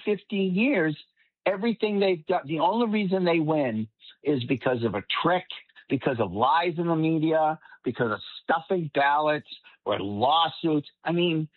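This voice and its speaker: A man's voice: fairly high pitch, dry recording. A man appearing as a political commentator guest, talking at length in an emphatic, long-winded way. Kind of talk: panel commentary. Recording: tinny phone-like line, dry.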